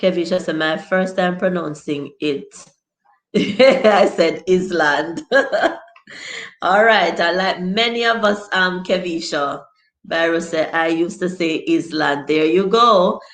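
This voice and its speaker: Chatty Jamaican woman, slow and low. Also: fairly bright tone. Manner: chatty, laughs often, reads viewer comments aloud. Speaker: teacher hosting a live stream. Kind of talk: casual live-stream lesson, reading chat aloud. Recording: echoey room.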